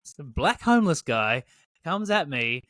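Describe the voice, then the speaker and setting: Lively man telling stories. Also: fairly high pitch, normal speed, no room sound. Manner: animated storyteller, swears, acts out his own quoted lines. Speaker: podcast co-host. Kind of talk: casual chat.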